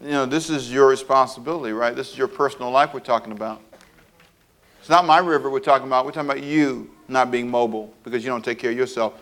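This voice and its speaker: A man preaching a sermon in an animated way, acting out little scenes with sound effects and playful asides. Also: mid-range voice, fast talker. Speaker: pastor.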